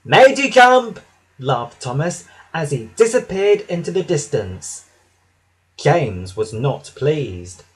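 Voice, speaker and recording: Slow, lively male storyteller. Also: mid-range voice, slightly rough. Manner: expressive, dramatic reading. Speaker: narrator. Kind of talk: storybook reading for children.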